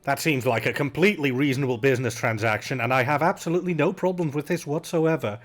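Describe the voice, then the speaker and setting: A man doing game commentary on stream, sarcastic, profane and loudly exasperated. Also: mid-range voice, fast talker. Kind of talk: game let's play commentary. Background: game music.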